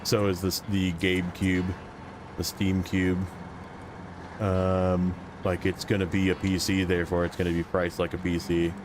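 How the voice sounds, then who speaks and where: A man's voice: low-pitched, completely flat delivery, a little slow, noisy background. A man streaming a game, chatting casually with viewers in a rambling, joking way full of fillers. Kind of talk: casual gameplay chat with chat.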